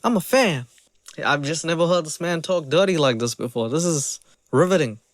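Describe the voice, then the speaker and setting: A man's voice: fairly high pitch, fairly quick, dry recording. Mocking male streamer, dry close mic. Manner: mocking, animated, swearing. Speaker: streamer reacting to a video. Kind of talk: casual reaction commentary.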